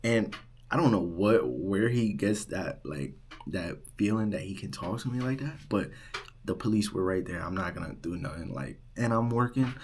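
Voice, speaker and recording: A young man working as a resident assistant tells a storytime vlog in a casual, animated way, full of "like" and "right?". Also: low voice, normal speed, a little hiss or hum. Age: young adult. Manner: animated retelling, heavy use of "like" and "right?".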